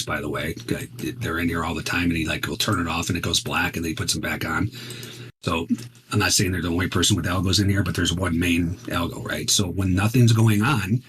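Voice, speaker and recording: Low-pitched and a touch bright, this man's voice carries a faint hiss or hum. He trades futures live while teaching, keeping it conversational and emphatic and repeatedly asking "right?"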